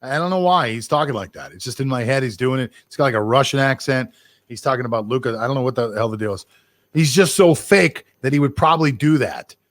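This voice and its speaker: A man's voice: mid-range voice, lively intonation, quick pace, a bit bright, no room sound, clean studio sound. A man co-hosting a sports podcast, talking bluntly and jumping from one strong opinion to the next. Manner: blunt, opinionated, jumps between thoughts. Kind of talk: casual sports chat.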